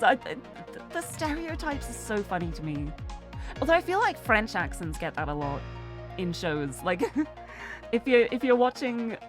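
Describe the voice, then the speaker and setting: A British woman chatting casually and giggling while streaming a video game. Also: a little high. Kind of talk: casual gameplay commentary.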